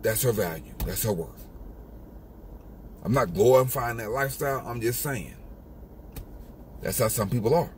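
A man's voice: mid-range voice, moderate pace, pauses often, slight background noise. A man giving an emphatic, repetitive motivational monologue in a casual street style. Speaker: motivational speaker.

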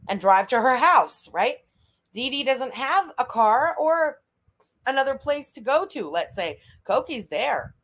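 A young woman streams live reaction commentary, her voice sitting a little high. She talks bluntly and mockingly, swearing freely as she thanks viewers and tears into the clips. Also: fairly bright tone. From Canada.

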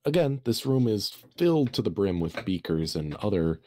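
A man narrating as game master, describing rooms slowly with many fillers and pauses. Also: fairly low pitch, sing-song, a little mellow, no echo. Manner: slow, hesitant, filler-heavy descriptions.

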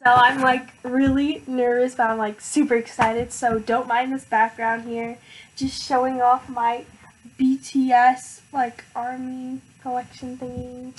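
A teenage girl vlogging an unboxing, hyper and excitable, with lots of filler words. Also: fairly high pitch, measured pace, a little hiss or hum, rough recording. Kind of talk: casual unboxing vlog.

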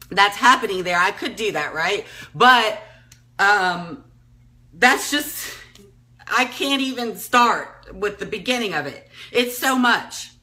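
Her voice a little high and sharp, a woman in her thirties pleads with the public in an emotional appeal. She's tearful, breaks into crying at times, and often repeats herself.

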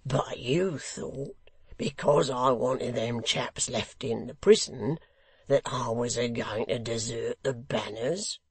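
A man voicing a shabby, wheedling hangman, drawn out and loud. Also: mid-range voice, breathy edge, dry recording. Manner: ingratiating, conciliatory, louder and slower.

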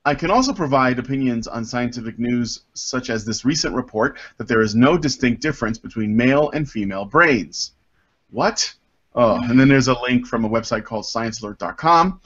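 On dull lo-fi audio, a man with a mid-range, slightly bright voice hosts a casual group podcast, speaking animatedly at a moderate pace. He reads a listener's letter aloud, adding jokey asides and lots of ums.

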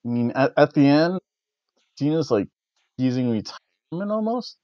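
A man's voice: a little high, lively intonation, moderate pace, dark tone, no echo. A man hosting a casual wrestling review, rambling and correcting himself with the odd chuckle. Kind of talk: casual spoken event review. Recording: dry, slightly dull lo-fi audio.

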